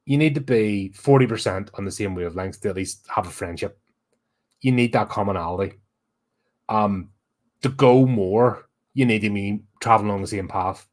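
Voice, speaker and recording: A man hosting a horror podcast, giving a blunt, sweary and exasperated casual film review. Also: on the low side.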